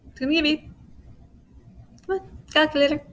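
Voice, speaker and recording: A woman's voice: high voice, fairly even intonation, fairly quick. A woman teaching a recorded physics lesson, walking through each step and checking in with her students, with playful asides. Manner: walks through steps, checks in with "okay?".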